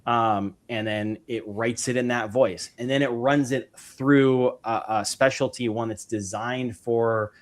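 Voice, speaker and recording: A man's voice: medium pitch, steady tone, measured pace, hardly any pauses. Enthusiastic man talking loosely, full of restarts. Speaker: podcast guest, real estate investor. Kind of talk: casual interview chat.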